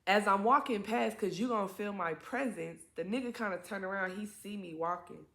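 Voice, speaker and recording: A young woman telling a personal story in casual chat, animated and profane, jumping into higher voices to act out what others said. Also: a little fast, roomy sound. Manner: animated, profane, acts out quotes in raised voices. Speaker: vlogger.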